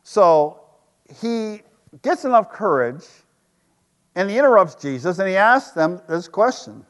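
Male pastor, high voice, storytelling sermon style with emphatic swells and quiet drops, church hall reverb. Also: sing-song, unhurried.

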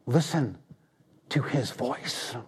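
A man preaching a sermon as pastor, swinging from raised appeals down to hushed, low tones for emphasis. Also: expressive, slow pace, husky.

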